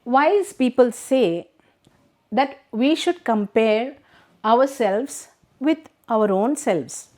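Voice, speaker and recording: Slow-speaking Indian English woman teacher. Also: on the high side, animated, mellow. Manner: slow, patient, asks rhetorical questions. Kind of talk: classroom lesson reading and explaining a text.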